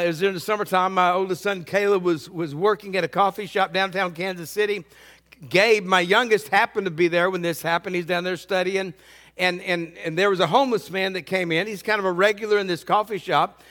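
A man's voice: high voice, fairly even intonation, brisk, a bit bright, big-room sound. A middle-aged man preaching a sermon as pastor, earnest and often repeating words.

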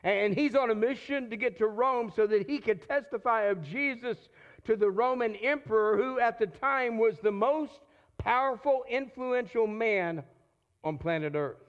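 A man's voice: very high-pitched, moderate pace, highs cut off. A man preaching a sermon in a conversational way, often repeating and restarting his words. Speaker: pastor.

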